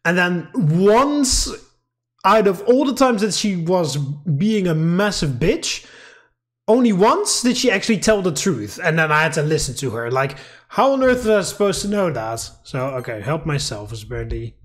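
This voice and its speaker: A man's voice: on the high side, very animated, normal speed. A young man playing a visual novel, casually commenting and reading the game text aloud, getting exasperated and swearing at the story's choices. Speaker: let's play gamer.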